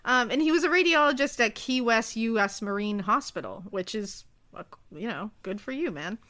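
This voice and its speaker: A woman's voice: on the high side, lively intonation, normal speed, pushed and bright. A woman casually telling a story on a podcast, chatty and full of asides. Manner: chatty, lots of fillers and asides.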